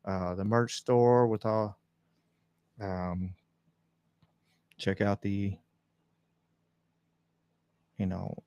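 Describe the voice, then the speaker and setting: A man hosts his own podcast livestream, chatting loosely to his viewers. His voice sits low with a gravelly fry, and he rambles along in an easygoing way with plenty of fillers. The sound is close and dry, from a desk mic at home. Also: steady tone, extremely slow, long pauses, dark tone, no echo, dull audio. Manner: rambling and laid-back, many fillers. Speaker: podcast host. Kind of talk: casual livestream chat. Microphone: desk mic on a stand.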